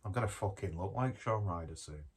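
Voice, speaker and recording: A deep, husky-voiced man talks through a beer tasting in loose, rambling chat. He cracks self-deprecating jokes and swears casually as he goes. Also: fairly quick, darkish tone. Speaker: beer reviewer.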